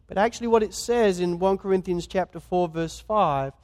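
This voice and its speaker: Earnest Australian preacher in a reverberant hall. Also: male voice, sits high, moderate pace. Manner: conversational, earnest preaching that swings from soft to loud. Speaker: guest pastor. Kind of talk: sermon. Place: church.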